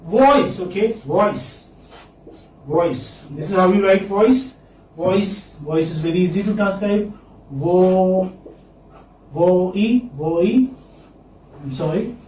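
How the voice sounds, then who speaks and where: A man with a high voice teaches English sounds to a class, drawing each word out slowly and saying it again and again. He stands some way from the mic in an echoey classroom, with a faint hiss behind him. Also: a little mellow, far from the mic. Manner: slow, repeats words for students to copy. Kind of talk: classroom lecture.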